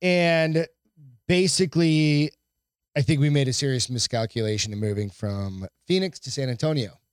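A man's voice: medium pitch, normal speed, clean tone, dry recording, studio quality. Profane joking man co-hosting a podcast. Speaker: podcast co-host. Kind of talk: casual banter. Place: home, moved to Texas from Arizona.

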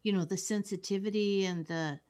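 A woman co-hosting a casual film chat, agreeable and unhurried, often trailing off mid-thought. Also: mid-range voice, fairly even intonation, darkish tone. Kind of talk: casual chat about films.

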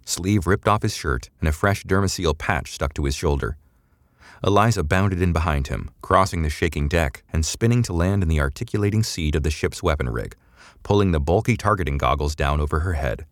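Very deep-voiced male narrator. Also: no room sound, studio quality. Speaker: audiobook narrator. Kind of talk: scripted narration.

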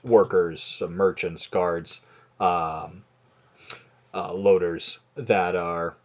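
A man's voice: low-pitched, steady tone. A man narrating a tabletop game as game master, searching for words with many fillers. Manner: unhurried, lots of fillers.

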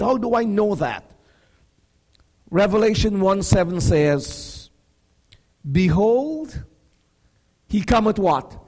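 A man preaching a sermon, building to shouts and asking the congregation questions. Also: high voice, lively intonation, takes it slowly, pauses often. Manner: preaching with rising shouts and call-and-response questions.

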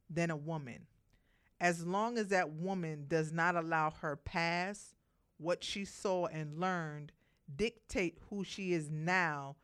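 A woman with a lowish voice delivers a motivational monologue to other women. She speaks emphatically, tells animated stories, and addresses her listeners directly.

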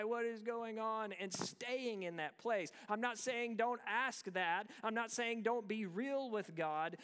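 A man in his thirties preaching a sermon in a high, smooth, resonant voice. He talks conversationally and tells a story, asking the listeners rhetorical questions. The sound rings with the long reverb of a large hall. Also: fairly bright tone. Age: 30s. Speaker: pastor.

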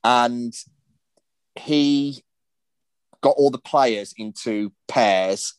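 A man's voice: medium pitch, drawn-out words, smooth, dry recording. A man, hosting a podcast and telling rambling anecdotes in casual chat. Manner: anecdotal, rambling storytelling with restarts. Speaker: podcast host.

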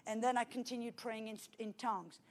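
A middle-aged woman from France with a French accent, preaching a personal testimony with dramatic swings from loud to hushed. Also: on the high side, fairly quick. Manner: animated storytelling with dramatic swings in loudness. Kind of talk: testimony sermon.

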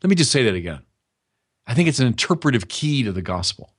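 A man preaching a sermon in an emphatic, animated way, speeding up and slowing down for effect. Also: medium pitch, husky.

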